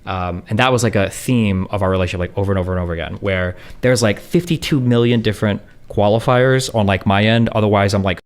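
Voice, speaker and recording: A man's voice: on the low side, clear, resonant tone. A man in a casual, rambling monologue, answering chat questions and swearing freely, with constant fillers. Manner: rapid, profane, heavy on fillers like "like" and "um".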